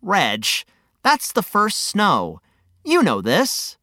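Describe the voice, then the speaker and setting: A woman voicing a friendly, patient male guide who gently explains things. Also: medium pitch, huge pitch swings, drawn-out words, no echo, pitched above the performer's own voice, full character voice.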